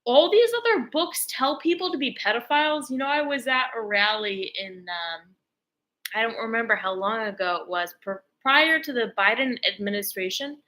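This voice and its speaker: A woman's voice: a little high, expressive, moderate pace, bright, forceful tone, poor audio. A woman vlogger talking straight to camera in a casual, rambling rant, emphatic and heavy on filler words. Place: lives in Texas, speaking to camera.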